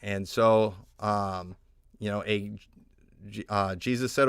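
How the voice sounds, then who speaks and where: A man's voice: fairly low pitch, steady tone, slow, clear, resonant tone, dry recording, studio quality. A man from the northern United States, a pastor preaching a conversational sermon with many fillers and restarts, reading scripture aloud now and then. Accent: northern American.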